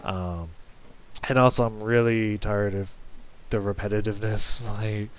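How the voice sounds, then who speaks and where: A man's voice: lowish voice, steady tone, a little slow, clear, resonant tone. A man giving casual reaction commentary on an album, rambling and correcting himself, laughing often and swearing casually. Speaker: music reaction YouTuber.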